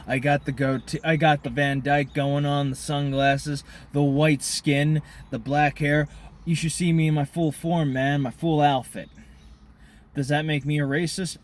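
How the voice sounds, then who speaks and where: Vlogger, male, profane cigar-smoking rant, voice sits a bit high, alternates loud bursts with low asides. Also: flat delivery, unhurried. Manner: profane, swings between loud outbursts and muttered asides; smoking a cigar while talking. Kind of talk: ranting monologue.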